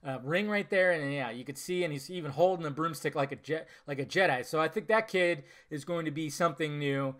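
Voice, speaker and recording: A man's voice: on the high side, fairly quick, few pauses, fairly bright tone. A man giving a casual, enthusiastic spoken movie review, rambling with fillers and restarts. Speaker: film reviewer.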